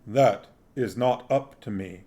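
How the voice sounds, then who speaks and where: A man doing Death, slow and solemn. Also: medium pitch, mellow, close to an everyday voice. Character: Death, tall skeletal male reaper, calm and formal. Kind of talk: audiobook reading.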